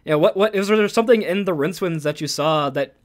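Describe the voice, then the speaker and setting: A man doing play-by-play commentary as an esports caster, excitable and rising to shouts on big plays. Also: a little high, fast talker.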